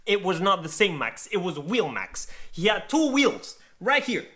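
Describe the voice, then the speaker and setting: A man from Grenada telling a funny real-life story in a casual, animated way, swearing and laughing as he goes. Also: high-pitched, unhurried. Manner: animated, swears freely, laughs along, acts out voices. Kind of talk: casual anecdote told to camera.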